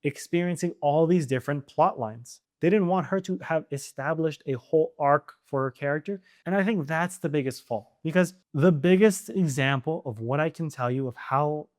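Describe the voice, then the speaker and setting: A man hosting his own channel, giving casual opinion commentary to camera, animated and firing off exasperated rhetorical questions. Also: fairly high pitch, normal speed, hardly any pauses. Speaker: video essay host.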